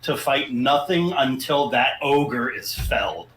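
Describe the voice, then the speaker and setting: A man running a tabletop game with lively pitch at an unhurried pace, narrating the action dramatically. His voice carries a roomy echo, with faint room noise behind it. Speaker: game master.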